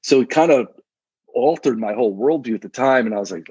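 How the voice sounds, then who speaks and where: A man's voice: medium pitch, animated, fairly quick, darkish tone, husky, dry recording, lo-fi sound. A man in his thirties, a coach and guest on a casual podcast, talking in a laid-back, slangy way with frequent restarts.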